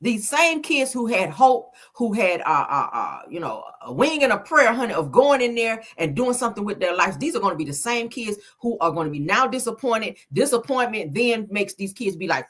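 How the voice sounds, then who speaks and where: Husky, animated woman commentator. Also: mid-range voice, normal speed, hardly any pauses. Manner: animated, emphatic, swears freely, calls viewers honey and child. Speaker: commentary streamer host. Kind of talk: casual news commentary.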